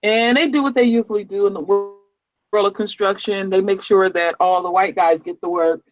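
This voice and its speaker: A man's voice: high voice, lo-fi sound, slight background noise. A man, a construction worker telling a heated story in a casual online discussion. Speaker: construction worker, panel guest.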